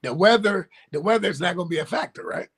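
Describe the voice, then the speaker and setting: A man's voice: sits high, fast talker, a bit bright, husky. A man co-hosting a sports talk show, arguing his points bluntly and emphatically in casual chat.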